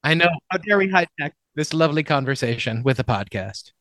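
A man's voice: a little high, animated, a bit bright, dry recording. Jokey male podcast host, dry close mic. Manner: chatty, jokey, quick asides. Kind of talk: casual chat.

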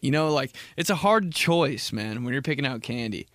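A young man hosting a podcast, rambling through a comic story and dropping into slow, low voices when he quotes people. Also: expressive, a bit bright, no echo, studio quality. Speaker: podcast host. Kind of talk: casual comedic monologue.

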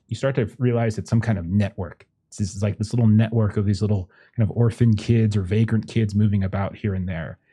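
A man's voice: lowish voice, warm tone, breathy edge. A man narrating a tabletop horror game as game master, describing scenes loosely with many fillers.

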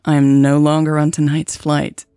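A woman voicing a calm, wry woman who speaks in a dry, teasing way. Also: low-pitched, normal speed, smooth, no echo, lightly acted.

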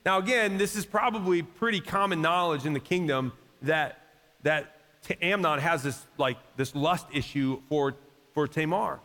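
Fairly high-pitched and forceful, with a bright tone and moderate pace, this pastor delivers a sermon in a church sanctuary. His style is conversational, performing quoted voices and climbing to emphatic peaks, while the large hall adds long reverb.

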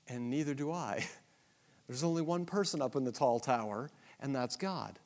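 A man preaching a Bible lesson, animated and self-deprecating, asking the audience many rhetorical questions. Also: on the high side, normal speed. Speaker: pastor. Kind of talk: sermon-style Bible teaching.

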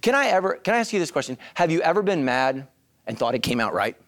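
A man preaching a sermon as the pastor, animated and bursting into loud shouts. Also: fairly high pitch, fast talker, no room sound. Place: church.

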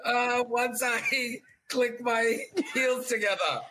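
A woman's voice: a little high, slow pace, voice pushed up. A woman putting on an Austrian accent to play a musclebound action hero, laughing through the lines. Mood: giggling. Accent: put-on Austrian. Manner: breaking into laughter mid-line. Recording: noisy recording.

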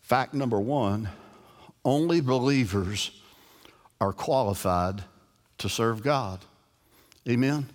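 A man preaching a sermon as pastor. He often repeats words as he starts and moves from quiet to forceful emphasis. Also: mid-range voice, takes it slowly, long pauses, in a large hall.

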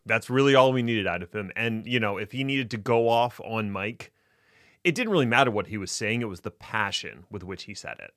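A man co-hosting a podcast in casual banter, playful and jokey with deadpan bits. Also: lowish voice, a little fast, no echo, clean studio sound. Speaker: podcast co-host.

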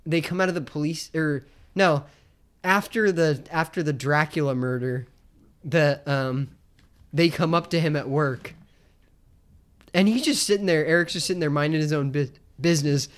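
A man's voice: on the high side, normal speed. Tipsy male co-host, loose and profane, rambles through a movie recap with frequent laughs. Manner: rambling, profane, laughing storyteller who mimics characters. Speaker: podcast co-host. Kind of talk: casual movie chat.

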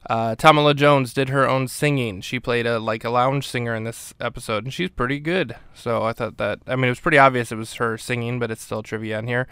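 A man's voice: mid-range voice, fairly quick, hardly any pauses, clear, resonant tone, dry recording. A man hosting a podcast, giving a casual, rambling recap of a TV episode with frequent fillers. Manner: relaxed, rambling with many fillers. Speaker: podcast host.

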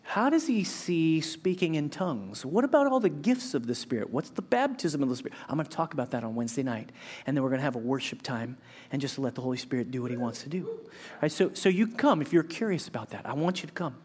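A man preaching a sermon as pastor, earnest and conversational, swinging between raised, driving stretches and quiet, slow reflection. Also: fairly high pitch, very animated, breathy edge. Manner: earnest, conversational delivery with frequent restarts.

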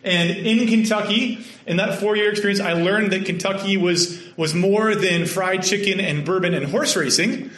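A man from Canada with a Canadian accent, preaching a sermon with earnest storytelling that sometimes drops to a soft hush. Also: sits high, moderate pace, few pauses. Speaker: pastor. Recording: echoey room.

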